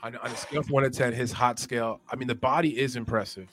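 A man hosting a casual chat, teasing his co-host and reacting with quick exclamations. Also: medium pitch, fairly even intonation, a bit bright, faint music behind.

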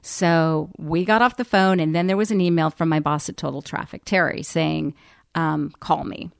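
A woman's voice: low voice, fairly even intonation, moderate pace, gravelly, clear, resonant tone, no room sound, clean studio sound. A woman in her forties, a radio personality, telling a story candidly in a podcast interview, chatty and peppered with ums.

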